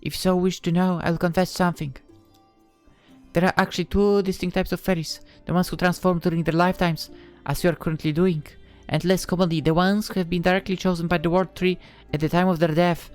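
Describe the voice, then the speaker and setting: A woman voicing a fairy godmother, explaining things in a measured, formal way. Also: on the low side, flat delivery, darkish tone, soft background music, close to an everyday voice.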